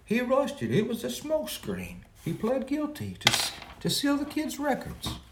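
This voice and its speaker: A man playing a boastful, self-important true-crime livestreamer who rambles and swings between loud complaints and hushed asides. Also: very high voice, huge pitch swings, normal speed, reverberant, exaggerated voice. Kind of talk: parody livestream monologue.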